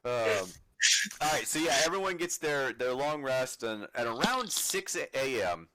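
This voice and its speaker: A man's voice: mid-range voice, sing-song, a little slow, heavy background noise. A man running a tabletop game as game master, laughing often and talking with many fillers and restarts.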